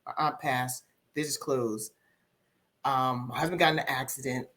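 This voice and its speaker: A middle-aged life coach appears as a podcast guest, telling her story candidly and reflectively with many pauses and repeated phrases. Her bass voice is steady in tone and fairly bright.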